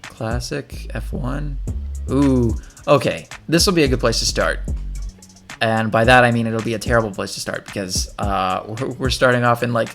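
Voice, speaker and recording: A man with a gravelly, fry-edged voice talks his way through a video game in easy, chatty commentary. He thinks aloud as he plays, and faint game music runs underneath. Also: mid-range voice, normal speed, fairly bright tone. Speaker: gaming channel host. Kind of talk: casual gameplay commentary.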